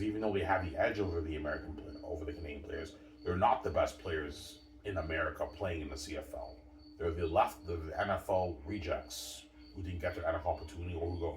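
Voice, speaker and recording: A man with a very low voice rambles through a casual sports talk, repeating points and insisting they are obvious. He sits a bit back from the mic in an echoey room, with a faint hum of ambience behind him. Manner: repetitive, emphatic, keeps saying obviously and addressing viewers. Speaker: sports commentator. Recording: roomy sound from a distant mic.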